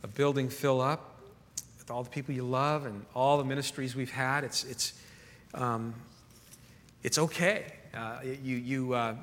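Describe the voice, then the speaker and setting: A man's voice: medium pitch, fairly bright tone. A man preaching a sermon as pastor, earnest, often repeating words as he builds a point. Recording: echoey hall reverb.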